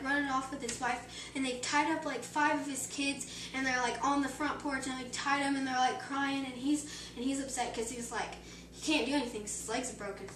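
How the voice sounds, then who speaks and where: A high-voiced teenage girl rambles her way through a long joke, packing it with "like" as she acts out each line. She sounds far from the mic in an echoey room with loud background noise. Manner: chatty, filler-heavy storytelling. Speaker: joke teller. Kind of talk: rambling joke telling among friends.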